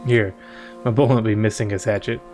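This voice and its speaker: A man voicing a gruff, hearty middle-aged woodsman who grumbles and bosses people around in a folksy way. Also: on the low side, steady tone, brisk, a little mellow, soft background music, close to an everyday voice.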